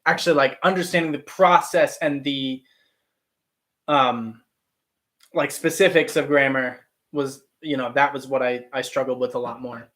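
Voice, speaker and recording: He's a professional actor talking casually with his livestream audience, reading the chat and gently mocking himself. Medium in pitch and a bit bright, his voice is steady and unhurried.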